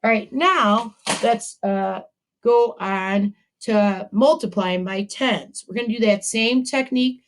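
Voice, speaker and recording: A woman teaches a video math lesson to second graders, chatting with a puppet along the way. Her voice is mid-range and her pace slow. She is upbeat and encouraging.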